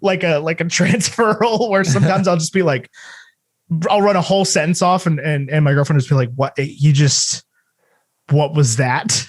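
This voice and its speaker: A man's voice: high voice, brisk. A man hosting a movie podcast, chatting casually and rambling through jokes and stories. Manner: rambling, joking, with many restarts. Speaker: podcast host. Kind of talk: casual interview chat.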